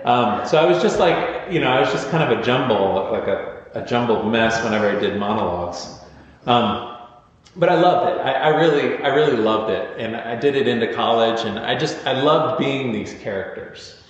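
A male pastor delivers a conversational sermon in an informal, storytelling way, sprinkling in self-deprecating asides. His mid-range voice is animated at a moderate pace, recorded in an echoey hall with dull, lo-fi sound.

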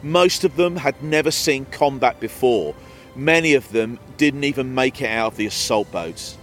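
A male documentary presenter speaks in a solemn, measured tone at a middle pitch, delivering scripted narration. Faint music sits under his voice.

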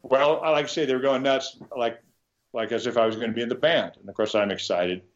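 A man's voice: medium pitch, quick pace, dull audio. A man from Nebraska, a guitarist, telling rambling stories in a casual interview, with many restarts and the occasional swear word. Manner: rambling, animated anecdotes with frequent restarts and swearing. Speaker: guitarist guest.

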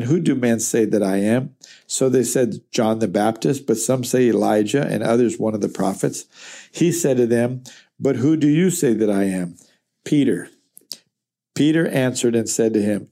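A man's voice: medium pitch, unhurried, dark tone. A man teaching through a Bible book verse by verse, reading scripture aloud and then explaining it in plain, earnest words.

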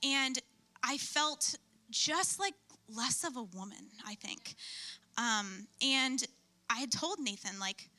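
A young woman gives a church testimony with a high, very bright voice. She tells it like a chatty, animated story, full of fillers and asides. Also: slow pace. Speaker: speaker at church. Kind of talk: personal testimony.

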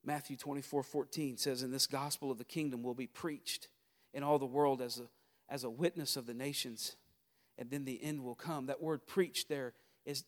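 Southern pastor preaching in a reverberant hall. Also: male voice, fairly high pitch. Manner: preaching with swells from quiet storytelling to loud exhortation. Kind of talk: sermon.

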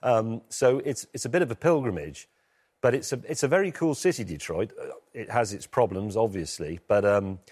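A man's voice: on the low side, expressive, moderate pace, a little mellow, slightly rough. Hesitant British man, dry and wry. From Britain. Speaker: guest. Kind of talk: remote interview chat. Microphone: remote line from London.

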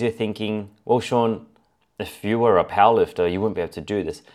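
Brief: low-voiced male fitness coach, chatty solo podcast delivery, sorts his advice into numbered points. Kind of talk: casual solo podcast talk.

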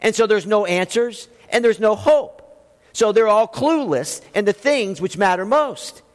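A male pastor delivers a forceful sermon, firing rhetorical questions at his congregation. His voice sits high for a man, animated but unhurried. The long reverb of a church hall surrounds the sound.

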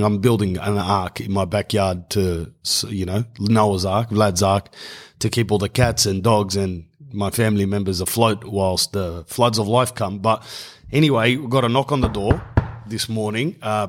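A man telling a rambling comic story with self-mocking asides. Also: fairly low pitch.

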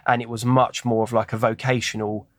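A man in a casual interview, wandering through anecdotes with plenty of fillers, false starts and self-deprecating asides. His voice sits at an ordinary pitch, recorded close and dry with no room sound. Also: level tone, a little fast, no echo. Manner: rambling, self-deprecating storytelling with many fillers. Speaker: guest.

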